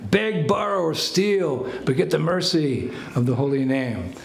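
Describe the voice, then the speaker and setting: An older American man, a spiritual teacher, telling a lively story to a small group. He laughs and acts out phrases as he goes. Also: fairly high pitch, measured pace, creaky. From United States. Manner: animated anecdotes, laughs, acts out French phrases. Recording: echoey room with faint ambient noise.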